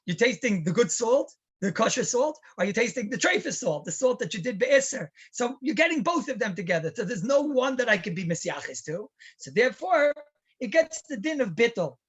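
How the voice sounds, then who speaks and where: A man's voice: very high-pitched, big pitch swings, moderate pace, slightly rough. A man, a rabbi, teaching a halacha class in a chatty lecture style, telling stories and asking rhetorical questions.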